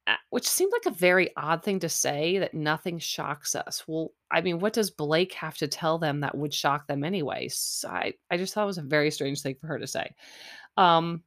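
Young woman podcaster, casual and snarky, lowish voice, chatting about tv. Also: lively intonation, normal speed, fairly bright tone. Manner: chatty, sarcastic, mimics people in high voices. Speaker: podcast host recapping a reality dating show. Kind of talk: casual recap chat.

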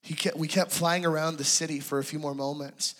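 Male preacher, bright and fairly high, sermon testimony, hushed to impassioned. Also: fairly even intonation, brisk. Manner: hushed and tender, rising to impassioned pleading.

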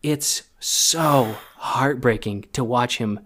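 A man talks through a film on a podcast in a casual, halting way, restarting his sentences. He gets emotional and chokes up. His voice sits at a middling pitch. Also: a bit bright.

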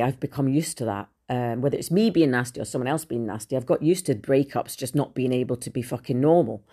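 A woman's voice: rumbling low, darkish tone. A woman telling a personal story on her podcast, casual, blunt and full of swearing and fillers. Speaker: podcast host.

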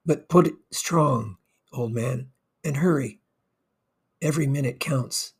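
A man voicing a brisk, commanding male surgeon who speaks in clipped orders. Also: mid-range voice, husky, exaggerated voice. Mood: urgent.

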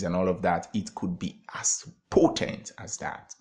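A man telling a parable as a motivational talk, animated, with frequent fillers and laughs. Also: deep voice, moderate pace. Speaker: storyteller.

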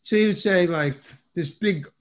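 An older man, a guest actor on a video call podcast, telling an animated anecdote with many restarts and acted-out voices. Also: high-pitched, moderate pace. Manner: lively, acts out other people's voices, repeats and restarts words.

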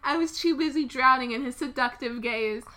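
A young woman reads fan fiction aloud in a playful, giggling way. Her voice is high and very bright. She sounds casual and amused. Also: normal speed. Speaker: vlogger.

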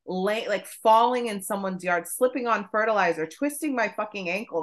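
A woman co-hosting a podcast, telling a story in casual chat, profane and animated. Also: mid-range voice, normal speed, hardly any pauses. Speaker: podcast co-host.

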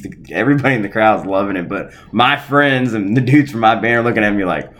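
A man's voice: fairly low pitch, brisk, hardly any pauses, a bit bright. A middle-aged man co-hosting a podcast, telling a story in casual chat, laughing often and swearing freely. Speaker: podcast co-host.

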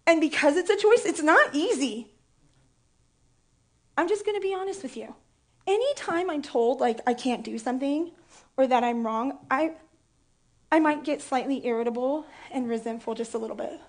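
Woman preacher, pretty high voice, talks real candid and jokey, gets emotional telling her story. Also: lively intonation, normal speed, pauses often. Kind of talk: sermon with personal story.

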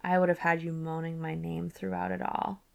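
A woman's voice: little pitch movement, vocal fry. A woman reading as a growling fae lord. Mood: hushed menace. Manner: low, slow, hushed menace. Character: half-wild male fae lord, predatory and growling.

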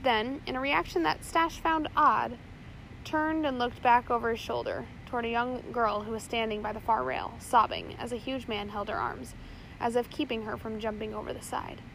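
A woman's voice: fairly high pitch, normal speed, vocal fry, fairly bright tone, a little hiss or hum, poor audio. A woman narrating a chapter of a storybook aloud, reading steadily with small slips. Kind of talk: audiobook reading.

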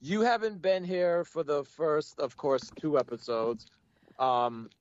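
A man's voice: on the high side, slow, dry recording, highs cut off. A man hosting a podcast in casual chat, playfully announcing with mock grandeur. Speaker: podcast host.

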